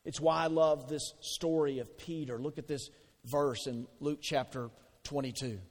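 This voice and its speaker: A man preaching a sermon as pastor, conversational and animated, asking the congregation questions. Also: a little high, measured pace. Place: church sanctuary. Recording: long hall reverb.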